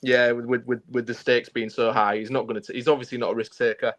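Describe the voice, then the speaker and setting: Blunt male co-host, middle pitch, talks in restarts and repeats. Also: little pitch movement, quick pace, a bit bright. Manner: blunt, repeats words while thinking. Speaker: podcast co-host. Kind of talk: casual football chat.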